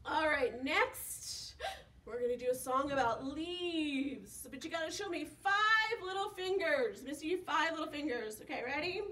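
Preschool storytime reader, woman, high and very slow, far from the mic. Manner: animated, asks kids questions, gasps for effect. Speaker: children's librarian. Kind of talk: preschool storytime read-aloud. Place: library. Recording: distant mic with faint background noise.

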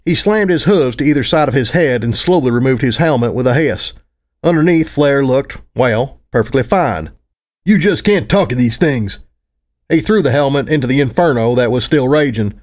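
A man's voice: mid-range voice, a little fast, darkish tone. A man narrating a fan fiction audiobook in first person, with a wry, dry delivery.

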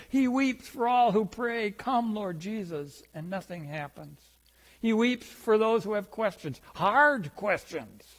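A pastor giving a reflective sermon, slowing down on key phrases and retelling a story. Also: male voice, high-pitched. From Wisconsin.

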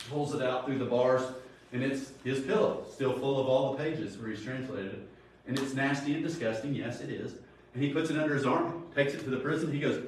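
A man preaching in an animated, storytelling way and acting out the people in his stories. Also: medium pitch, fairly quick, slight background noise. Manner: animated storytelling, acts out quotes. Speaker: Sunday school teacher. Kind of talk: sermon. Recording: very echoey room, far from mic.

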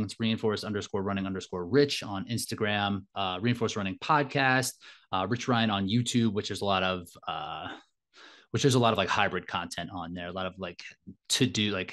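A man's voice: low voice, fairly bright tone. A man being interviewed as an elite fitness racer and coach, reflective in manner and often adding "like" and "right?" as he talks. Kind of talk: casual interview talk.

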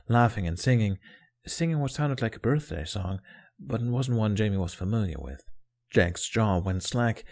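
A man narrating a fan fiction story as an audiobook, in a calm, steady storytelling manner. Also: fairly low pitch, vocal fry.

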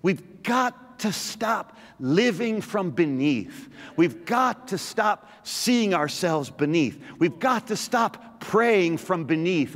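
Male pastor, high register, emphatic preaching with repetition, reverberant church hall. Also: animated, takes it slowly, hardly any pauses. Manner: emphatic, repeats phrases, teases the congregation. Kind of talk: sermon.

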